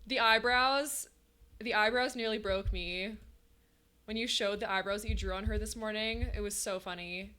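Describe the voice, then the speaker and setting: Woman streamer chatting with chat, bright voice, laughs a lot. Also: medium pitch, steady tone, normal speed. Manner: chatty, laughs often, answers chat messages. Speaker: game streamer. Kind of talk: casual chat with stream viewers.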